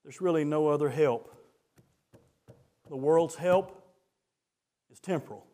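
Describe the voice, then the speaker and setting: Man, preacher, high voice, fervent, swings from quiet to shouting. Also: takes it slowly. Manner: rising to fervent shouts, then dropping low. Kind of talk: sermon.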